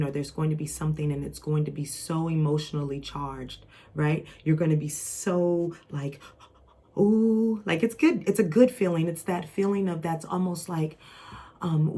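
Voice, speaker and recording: A woman's voice: low voice, warm tone. A woman giving a casual spiritual tarot reading. She talks straight to the viewer in a reassuring, encouraging way and often restarts and rambles. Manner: rambling, many restarts and fillers. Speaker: tarot reader.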